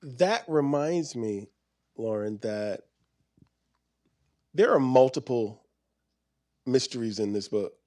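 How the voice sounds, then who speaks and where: A man's voice: mid-range voice, slow pace, long pauses, mellow. A man interviewing an author onstage at a bookstore, asking rambling, searching questions. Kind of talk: onstage book conversation. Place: bookstore event.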